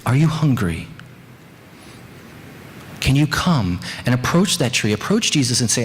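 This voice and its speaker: A man's voice: very animated, measured pace, pauses often. A man preaching a sermon as pastor of a small church, earnest and candid with joking asides. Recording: long church reverb, faint rumble.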